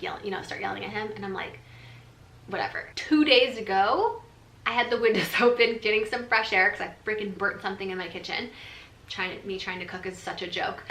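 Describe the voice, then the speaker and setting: A woman's voice: mid-range voice, pushed and bright. A woman vlogger telling a story in a frank, chatty way, full of filler words. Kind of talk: storytime chat. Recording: roomy echo.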